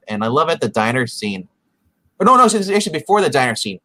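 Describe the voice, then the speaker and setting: A man's voice: medium pitch, animated, quick pace, bright, forceful tone, rough recording. A man co-hosting a casual podcast, rambling as he retells TV scenes with lots of quoted asides. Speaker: podcast co-host. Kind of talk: casual recap chat.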